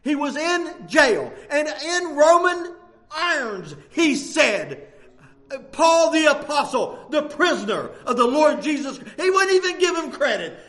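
A man preaching a sermon, animated, jumping between loud bursts and hushed lines and laughing often. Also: extremely high pitch, unhurried.

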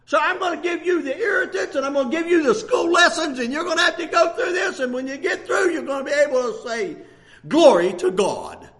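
A man preaching a sermon with passion, often shouting and laughing as he speaks. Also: extremely high pitch, fast talker, few pauses.

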